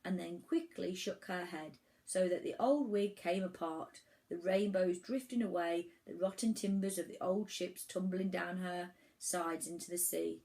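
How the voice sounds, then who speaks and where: A woman reading a children's storybook aloud, telling it in an animated way with the odd restart. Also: lowish voice, measured pace, hardly any pauses, rough recording. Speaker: children's book reader.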